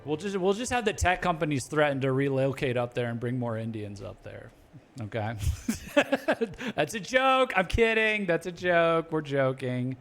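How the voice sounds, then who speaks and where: A man's voice: medium pitch, lively intonation, normal speed, faint music behind. A man streaming a game and chatting casually, rambling and joking in a mock-blustering way, with many restarts. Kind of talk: casual live-stream commentary.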